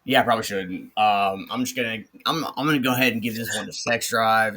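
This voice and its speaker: A man's voice: medium pitch, fairly quick, hardly any pauses, sharp tone. A man co-hosting a casual podcast, blunt and swearing freely. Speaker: podcast co-host.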